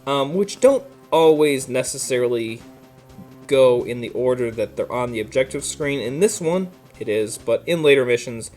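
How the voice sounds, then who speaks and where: Laid-back male gamer with a mid-range voice, chatty and meandering, over quiet game music. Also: mid-range voice, moderate pace. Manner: relaxed, rambling, many fillers and laughs. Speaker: let's play host. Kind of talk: casual gameplay commentary.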